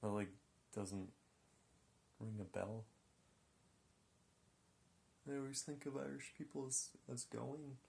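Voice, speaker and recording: A man's voice: mid-range voice, takes it slowly, vocal fry, pauses often, a little mellow. A man chatting into his phone at home late at night while he stretches, joking and mocking himself, and trailing off mid-thought. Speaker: vlogger reviewing a show. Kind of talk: rambling casual chat while stretching.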